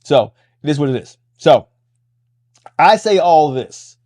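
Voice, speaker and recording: A middle-aged man hosting a podcast, talking fast in a casual monologue, restarting phrases and tagging lines with "right?". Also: medium pitch, mellow. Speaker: podcast host and MMA coach.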